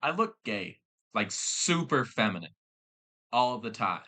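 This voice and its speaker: Young guy rambling on a podcast, swears a lot, bright sharp voice. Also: medium pitch, sing-song, takes it slowly. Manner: rambling, swears freely, frequent fillers. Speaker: podcast host. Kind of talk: casual storytelling chat.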